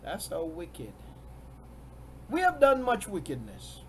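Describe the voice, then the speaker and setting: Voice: mid-range voice, huge pitch swings, slow, darkish tone, a little hiss or hum. A preacher giving a sermon, stressing points by repeating key words and often chuckling between them.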